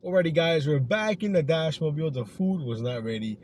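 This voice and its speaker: A man's voice: a little high, lively intonation, a little fast, darkish tone. A man talking casually to his viewers from a car while driving for deliveries, upbeat and rambling, with lots of fillers. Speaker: delivery driver vlogger. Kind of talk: casual vlog narration. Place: inside a car. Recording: clear car and road noise behind. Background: car and road noise.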